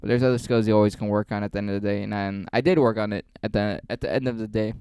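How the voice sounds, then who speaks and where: A man's voice: fairly low pitch, fairly even intonation, racing, hardly any pauses, dark tone, clean tone, no room sound. A young man, a stand-up comedian, rambling through a casual vlog with lots of swearing and self-mockery. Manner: rambling, profane, self-mocking.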